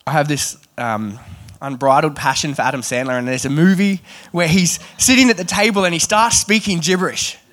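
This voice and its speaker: A man preaching a sermon, reading scripture and then talking it through in a chatty, animated way with joking asides. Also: a little high, brisk, few pauses.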